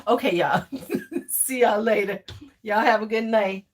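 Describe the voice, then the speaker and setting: In a mid-range voice, slow and full of pauses, a middle-aged woman chats casually with viewers on her home livestream. Her talk is blunt, joking and laced with swearing until she turns to coo and fuss over a toddler.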